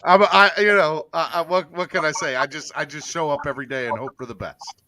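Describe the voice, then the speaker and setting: A man's voice: a little high, fairly even intonation, fairly quick, sharp tone. A man hosting a casual sports podcast, joking and often stammering through restarts. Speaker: podcast host.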